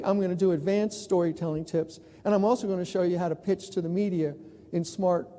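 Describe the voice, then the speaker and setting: A man from New York giving a plenary talk at a conference, telling stories in an animated, self-mocking way. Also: high voice. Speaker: plenary speaker. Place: large conference hall. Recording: long reverb in a large hall.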